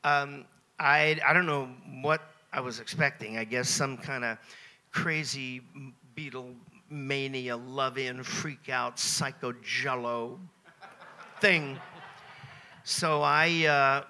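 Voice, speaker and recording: An American man in his seventies, a guest at a Q&A on a cruise ship, telling anecdotes in a lively, self-mocking way and chuckling between phrases. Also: medium pitch, takes it slowly. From United States. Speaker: interview guest. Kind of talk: anecdotal Q&A storytelling.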